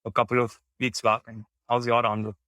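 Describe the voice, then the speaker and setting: A man's voice: mid-range voice, monotone, brisk, sharp tone, dry recording. Earnest man asking a cricket question. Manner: earnest, builds up a stat-backed question. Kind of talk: casual live Q&A.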